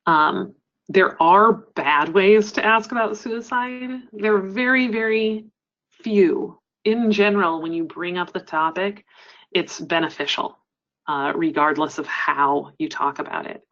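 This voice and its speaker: Woman trainer, earnest webinar presenter, lowish voice, dull lo-fi audio. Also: measured pace, a bit bright. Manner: earnest, explanatory, frequent ums. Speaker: crisis center trainer.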